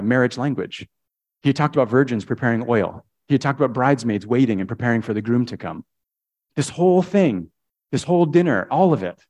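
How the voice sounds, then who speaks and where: A man's voice: medium pitch, darkish tone, highs cut off. A male pastor preaching a heartfelt sermon, speaking directly to the congregation and often repeating and restarting his words.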